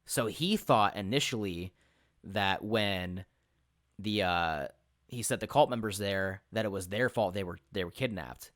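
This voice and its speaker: Animated low-voiced man telling game stories. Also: a little slow, no echo, clean studio sound. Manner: animated storyteller who acts out quotes and swears freely. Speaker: podcast host and game master. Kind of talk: casual podcast chat.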